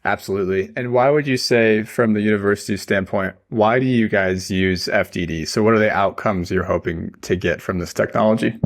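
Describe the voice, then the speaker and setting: Male podcast host, enthusiastic, low gravelly voice. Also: brisk, hardly any pauses. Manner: upbeat, enthusiastic. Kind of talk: podcast intro and interviewing.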